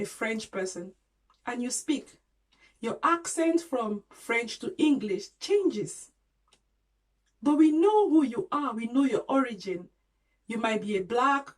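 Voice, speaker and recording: A woman's voice: a little high, darkish tone, poor audio. A woman vlogger giving an earnest, encouraging talk to camera, loosely spoken with restarts and small grammar slips, repeating her points for emphasis.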